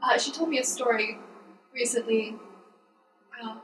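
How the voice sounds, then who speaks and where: High-voiced chatty woman, roomy sound. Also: unhurried, recorded from a distance, music in the background. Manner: chatty, explanatory, laughs often. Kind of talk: casual conversational chat.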